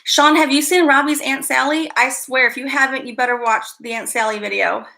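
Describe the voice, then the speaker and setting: Bright, gravelly-voiced woman live streamer. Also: sits high, fairly even intonation, a little fast. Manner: giggly, easily distracted, greets chat by name. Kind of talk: casual live-stream chat.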